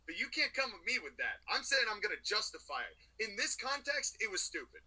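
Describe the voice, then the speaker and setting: A man co-hosting a wrestling review podcast, telling the story of a match in an opinionated, animated way. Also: high voice, a little fast, poor audio. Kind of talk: casual review chat.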